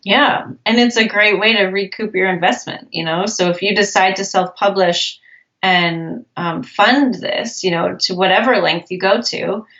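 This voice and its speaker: A woman's voice: mid-range voice, a little slow, a bit bright, highs cut off. A woman publisher as an interview guest, giving upbeat, practical advice in casual chat.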